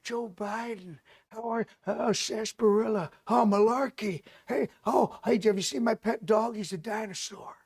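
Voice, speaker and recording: A man's voice: high-pitched, normal speed, a little mellow, slightly rough. A man impersonating a confused, very old male president who mutters and wanders in his speech. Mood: doddering. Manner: mumbling, wandering, muttering old-fashioned words.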